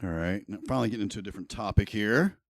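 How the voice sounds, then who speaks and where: A man in his forties with a lowish voice rambles through a casual gaming news stream. He stammers and trips over words and mocks himself for it. The sound is dry and close, with no room around it. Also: very fast, no echo. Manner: self-mocking, stumbles and stammers over words. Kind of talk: casual live-stream commentary.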